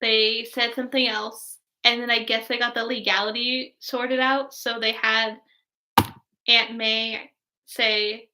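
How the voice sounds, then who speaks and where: A young woman vlogger chatting casually about a movie, gushing and excitable, filling her talk with "like". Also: fairly high pitch, slow pace. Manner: gushing, heavy use of "like", excitable fangirl tone. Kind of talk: casual movie review chat.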